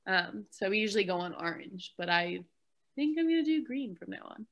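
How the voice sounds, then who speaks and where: A woman's voice: medium pitch, lively intonation, brisk, muffled recording. A young woman co-hosting a casual chat, laughing often and saying "like" a lot. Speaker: co-host.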